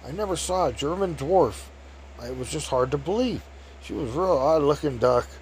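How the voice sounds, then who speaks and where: A man's voice: on the high side, expressive, normal speed, a little hiss or hum. A middle-aged man telling a rambling, folksy story in a casual way.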